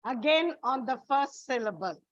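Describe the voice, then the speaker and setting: A woman teacher giving a slow, deliberate English lesson to her students, explaining step by step. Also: high voice, animated. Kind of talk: classroom lesson. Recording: dull, lo-fi recording.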